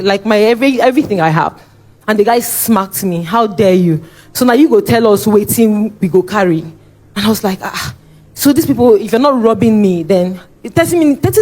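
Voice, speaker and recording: A young woman with a Nigerian accent giving a church testimony, animated and re-enacting her own shouting and pleading as she tells it. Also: a little high.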